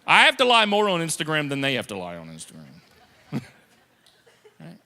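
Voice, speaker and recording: A male pastor delivers a lively sermon, joking and swinging from hushed to loud. His voice is high and very bright. Long reverb from the sanctuary trails every phrase. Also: normal speed. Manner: animated, joking, swings between soft and loud. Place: church sanctuary.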